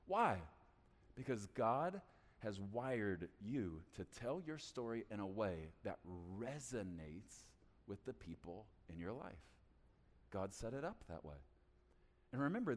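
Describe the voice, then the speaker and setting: Lively male pastor in a reverberant hall. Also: mid-range voice. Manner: animated, acts out both sides of conversations. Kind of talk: sermon.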